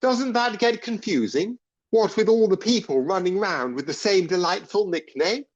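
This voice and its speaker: A man voicing a keen young first-year soldier, bubbling with polite, old-fashioned cheer. His pitch bounces lively up and down. The sound is a touch dull and muffled, like a rough home recording. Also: moderate pace. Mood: cheerful. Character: eager naive young male first-year recruit. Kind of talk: audio comedy acting.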